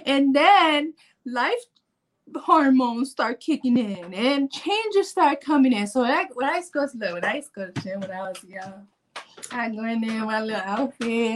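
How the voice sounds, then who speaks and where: Woman in her forties, casual vlogger; playful, animated delivery, slightly high pitch. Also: a little hiss or hum. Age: 40s. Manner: animated, playful, acts out her own inner voice. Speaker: fitness vlogger. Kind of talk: casual vlog talk to camera.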